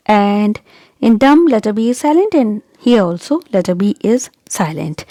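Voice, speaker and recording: A woman teaching English pronunciation who says each word slowly and deliberately, repeats it, and keeps checking in with "okay?". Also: medium pitch, lively intonation, mellow, no echo. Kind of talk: pronunciation lesson.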